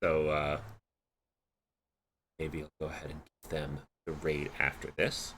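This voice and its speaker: A man with a deep, bright, forceful voice casts a live esports match over slight background noise. After calling the plays, he chats casually with his co-caster, sounding weary and yawning.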